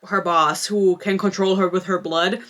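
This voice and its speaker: A young woman talks straight into a close mic with a bright, sharp voice. She reviews a book in casual chat, dry and sarcastic, swearing freely and poking fun at what she read. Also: medium pitch, fairly even intonation, moderate pace.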